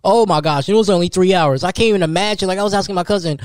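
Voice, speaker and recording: Animated man telling a story on his podcast. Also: racing, no echo, clean studio sound. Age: 30s. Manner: animated storytelling, jumps high for quoted voices. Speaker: podcast host. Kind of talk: solo podcast monologue.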